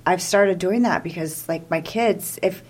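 A woman's voice: lowish voice, a little slow, a little mellow, breathy edge. A middle-aged woman from the Kansas City area co-hosting a casual local chat show, talkative and joking, rambling through her stories. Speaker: co-host.

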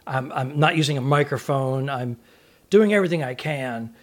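A man co-hosting a comedy podcast, telling an animated stage story in casual chat. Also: mid-range voice, moderate pace.

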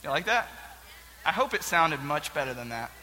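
A young man leads a casual Bible lesson for a group, chatty and animated, with plenty of jokes. His voice sits high and very bright. A long hall reverb follows his words. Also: normal speed, slight background noise. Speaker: youth pastor.

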